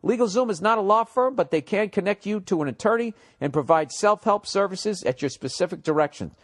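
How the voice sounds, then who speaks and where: Animated man hosting a podcast, raspy. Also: high-pitched, brisk. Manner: loud, animated, jokey, swears freely. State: slightly cracking voice. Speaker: podcast host. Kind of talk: casual podcast monologue with ad read.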